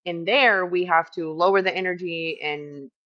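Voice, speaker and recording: A woman who works as a camp medic, retelling a clash in casual chat, swearing freely and talking fast when heated. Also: lowish voice, fairly even intonation, lo-fi sound. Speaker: house medic at a streamed camp.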